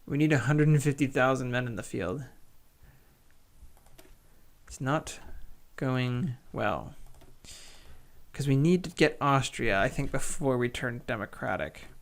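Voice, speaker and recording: Man, gravelly voice, casual wry game commentary, joking play-by-play. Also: mid-range voice, measured pace, long pauses. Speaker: gaming channel host.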